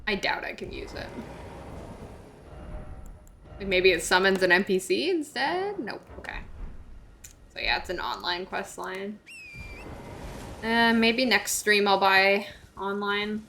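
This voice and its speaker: Chatty woman game streamer, bright tone, playful live commentary. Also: mid-range voice, very animated, unhurried, a little hiss or hum. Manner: chatty, joking, reacts aloud.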